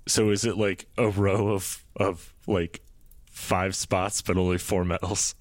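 A man playing in a tabletop game, chatting casually and haltingly with many fillers. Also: deep voice, little pitch movement, no room sound. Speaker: player.

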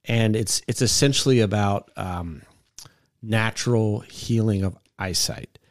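Male podcast host, low voice, rambling storyteller, dry studio mic. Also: measured pace, no echo. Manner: rambling, repeats words, acts out quotes. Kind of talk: casual storytelling chat.

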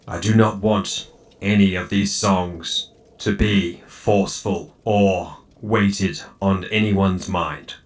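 Man doing a grave determined hero, low voice, slow solemn delivery, tabletop game. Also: fairly even intonation.

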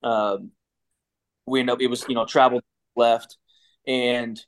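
Guy in his 30s rambling thru a story, lots of restarts, normal pitch. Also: level tone, takes it slowly. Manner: rambling, many restarts and fillers. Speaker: guest, former pitcher. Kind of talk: casual storytelling.

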